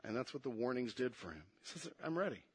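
A man preaching a sermon, moving between hushed and emphatic delivery and repeating words to press his points. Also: mid-range voice, lively intonation, fast, breathy edge.

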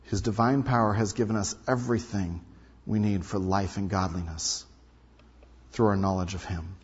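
A male pastor preaching a sermon, emphatic, repeating key lines and swinging between loud and hushed delivery. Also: lowish voice, fairly even intonation, moderate pace, husky. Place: large hall or sanctuary. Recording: dull sound with long hall reverb.

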